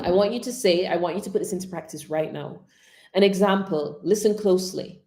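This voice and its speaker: A woman coaching public speaking on a live stream, expressive, modelling whispers and dramatic pauses. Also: fairly low pitch, reverberant.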